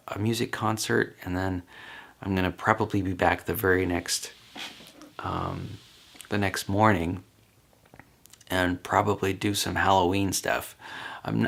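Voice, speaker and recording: A man with a low, gravelly voice chats on his own, working through a list of questions. He rambles easily, stopping for ums and small laughs as he thinks out loud. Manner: rambling, chatty, with frequent ums and light laughs. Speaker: vlogger. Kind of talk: casual solo talk answering questions.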